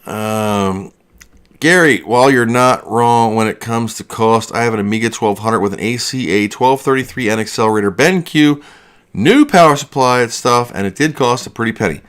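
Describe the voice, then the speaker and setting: A man's voice: mid-range voice, normal speed, fairly bright tone. A man hosting a casual livestream, out of breath, rambling and joking at his own expense. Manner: rambling, self-deprecating, jokey. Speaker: livestream host.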